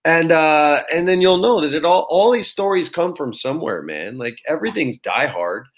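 A man, an actor, telling a story in casual chat, lively and swearing freely as he acts out quotes. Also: fairly high pitch, normal speed. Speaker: actor guest.

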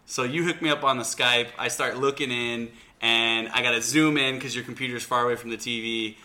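A man co-hosting a sports podcast, telling stories in an animated, casual way. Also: mid-range voice, a little fast. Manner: animated storyteller. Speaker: podcast co-host.

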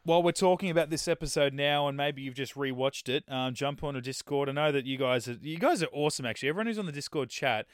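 A man's voice: mid-range voice, fast talker, hardly any pauses, clean tone, dry recording. A man co-hosting a podcast in casual chat, jokey and often laughing into a close mic. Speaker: podcast co-host.

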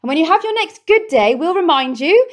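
A British woman, a guest in an interview, telling her story in a heartfelt, expressive way. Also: very high-pitched, brisk. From Britain. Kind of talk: conversational interview.

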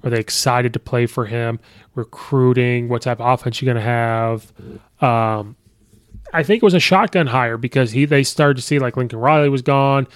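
A man hosts a sports podcast, speaking at a moderate pace in a mid-range voice that sounds clean with no echo through a podcast microphone. He chats casually and thinks aloud about coaching records, filling his talk with frequent ums and you-knows.

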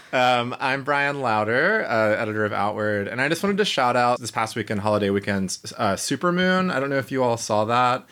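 A man's voice: medium pitch, expressive, moderate pace, a bit bright, smooth. A man co-hosting a podcast as its editor, playful and giggly, with lots of fillers. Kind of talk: casual chat. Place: New York.

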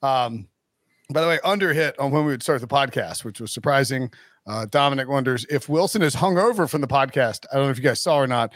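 A man's voice: mid-range voice, a little fast, fairly bright tone, no echo, studio quality. A man hosting a casual sports podcast, rambling with lots of fillers and restarts and chuckling as he goes. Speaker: podcast host.

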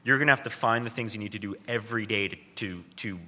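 A man with a lowish, sharp-toned voice talks quickly about his book in an onstage interview before an audience, his words trailed by long reverb. As the guest author, he keeps things jokey and self-deprecating, often starting over mid-thought.

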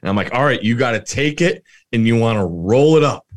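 Middle-aged male co-host, lively storyteller prone to laughing, mid-pitched voice. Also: brisk. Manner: animated storyteller who breaks into laughter. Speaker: podcast co-host. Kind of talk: casual chat.

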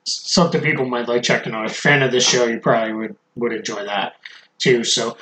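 Male podcast host, mid pitch, eager plugs, hiccups; echoey room recording with light hiss. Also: fast, sharp tone. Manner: eager, self-promoting, many restarts. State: has the hiccups. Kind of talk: casual podcast chat.

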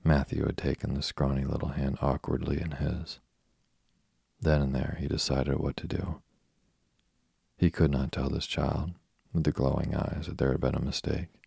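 A man narrating a classic novel as a slow, even bedtime story. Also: extremely low pitch, vocal fry, husky, dry recording, clean studio sound.

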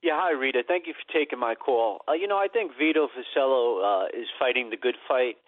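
A man's voice: medium pitch, expressive, a little fast, no echo. A man calling in to a radio show, speaking plainly and with emphasis. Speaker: caller. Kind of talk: phone-in call. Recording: tinny phone line.

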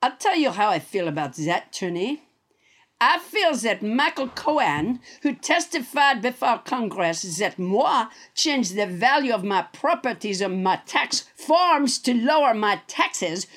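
A man's voice: very high-pitched, fairly bright tone, heavily acted. A man doing an impression of a vain, boastful male president with a put-on French accent. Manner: boastful, rambling, threatening. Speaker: comedian. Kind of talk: improv comedy impression.

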